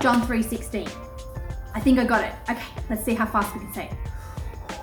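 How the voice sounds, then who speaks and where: A woman's voice: fairly high pitch, steady tone, a little fast, roomy sound, over music. An Australian woman presenting a children's church lesson from her home garage, playful and speaking to kids.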